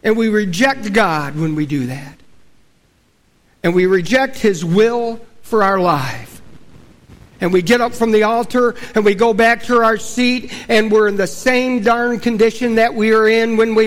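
A man preaching a sermon in a folksy, storytelling way, dropping low and quiet for solemn points. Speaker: pastor.

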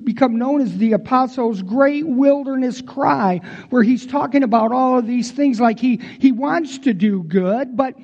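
A man's voice: very high voice, dark tone, muffled recording. A pastor preaching a conversational sermon in a folksy way, talking straight to his congregation.

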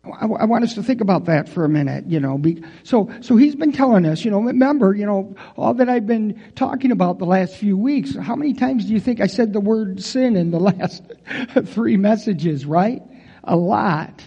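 High-voiced man preaching a folksy sermon. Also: expressive, normal speed, vocal fry, dark tone, husky, lo-fi sound. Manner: folksy, talks straight to the congregation. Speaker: pastor. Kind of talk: conversational sermon.

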